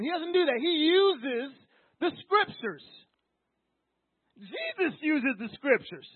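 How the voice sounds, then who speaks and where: High-voiced man preaching over a tinny line. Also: no echo. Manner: emphatic, repetitive, acts out quoted voices. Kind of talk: sermon. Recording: tinny phone-like line, dry.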